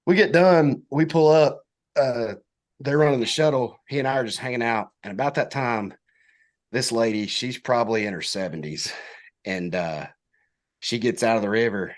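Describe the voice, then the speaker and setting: A young man, a podcast guest telling a story in casual chat, animated and acting out quotes. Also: normal speed. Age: young adult. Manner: animated storyteller, acts out quotes in high voices.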